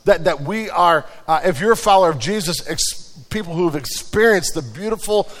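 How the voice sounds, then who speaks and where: Male pastor mid-sermon, high voice, chatty storytelling delivery, recorded in a reverberant church. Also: expressive, fairly quick. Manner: conversational preaching with repeated restarts and told anecdotes.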